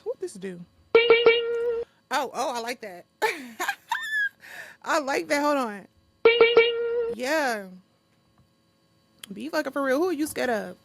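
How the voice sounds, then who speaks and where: A woman's voice: high voice, wildly swooping pitch, takes it slowly, vocal fry, long pauses. A young woman hosting a solo podcast, talking off the cuff in a blunt, profane way and laughing often. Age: young adult. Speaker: podcast host. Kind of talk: unscripted solo podcast monologue.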